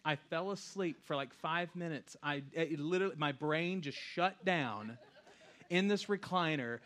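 A man in his thirties, a pastor giving a casual, conversational sermon that swings from hushed reflection to loud storytelling. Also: fairly high pitch, a little slow.

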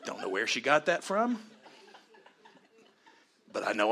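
A pastor delivering an earnest sermon on family and forgiveness, then leading a prayer in softer tones. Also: male voice, mid-range voice, big pitch swings, normal speed, vocal fry, pauses often, husky. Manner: earnest preaching, dropping to soft prayerful tones.

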